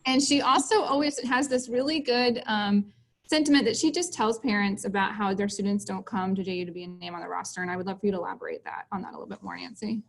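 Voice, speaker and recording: A woman's voice: mid-range voice, gravelly, rough recording. A woman moderating a parent panel over a video call, speaking with many fillers and repeated words. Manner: fast, filler-heavy, stammering. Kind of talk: hosting a panel.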